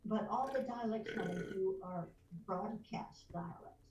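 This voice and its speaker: An older veteran voice actress, a podcast guest, telling lively anecdotes and slipping into voices. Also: female voice, medium pitch, unhurried. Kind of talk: storytelling in a podcast interview. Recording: roomy distant mic, faint noise.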